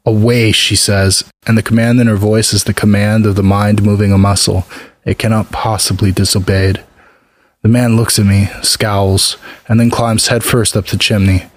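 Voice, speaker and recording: Low, dry male narrator for a sombre first-person fantasy story. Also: level tone, moderate pace, no room sound.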